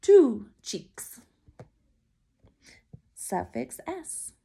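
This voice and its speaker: High-voiced woman teaching phonics. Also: big pitch swings, warm tone, slight background noise. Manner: slow, clearly sounded out letters and syllables. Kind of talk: phonics lesson for young children. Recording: recorded for remote learning.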